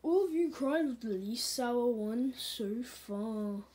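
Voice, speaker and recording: A woman's voice: fairly high pitch, animated, takes it slowly, dark tone. A woman hosting a playful plush toy sour challenge, announcing each contestant.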